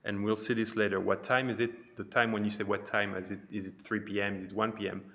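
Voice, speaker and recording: A man teaching a pronunciation lesson, repeating each phrase slowly and carefully, with chatty teaching asides. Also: on the low side, flat delivery, pushed and bright. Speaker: French teacher.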